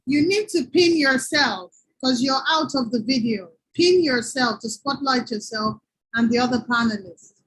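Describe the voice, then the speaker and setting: A woman's voice: high-pitched, animated, unhurried, a bit bright, low-quality recording. A woman giving direct instructions to a panelist on a video call.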